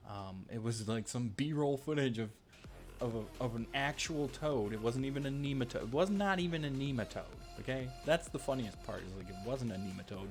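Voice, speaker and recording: A man telling a rambling story in a casual vlog, full of fillers and asides. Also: medium pitch. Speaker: channel host telling a story.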